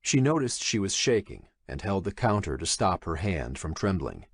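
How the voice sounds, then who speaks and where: A male narrator reading a thriller audiobook in a measured, expressive storytelling manner. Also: low-pitched, husky, dry recording, studio quality. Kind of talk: scripted horror thriller narration.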